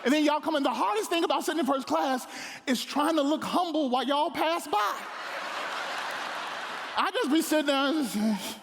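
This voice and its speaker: A middle-aged man delivers a humorous sermon, his voice sitting high. He jumps into playful little voices for the people in his stories. A long hall echo trails each phrase. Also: normal speed, gravelly, long pauses, a crowd in the background, background noise. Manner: animated, joking, with playful voices for others. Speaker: pastor. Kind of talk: comedic sermon storytelling. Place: large hall on stage.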